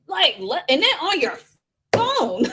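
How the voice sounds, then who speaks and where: A woman guest on a podcast, chatting casually in an animated way and laughing often. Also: very high-pitched, slow pace, background noise. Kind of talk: casual chat reviewing a reality show.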